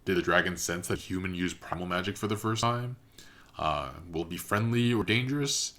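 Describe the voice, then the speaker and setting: A man's voice: deep voice, brisk, fairly bright tone. A man hosting a reaction channel, chatting casually and thinking aloud with lots of fillers.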